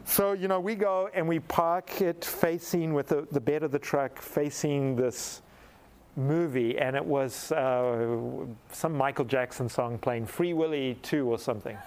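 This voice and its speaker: A middle-aged man preaching, telling a personal story in a lively, animated way that rises into excited laughter. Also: fairly high pitch, unhurried, clean tone. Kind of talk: storytelling sermon.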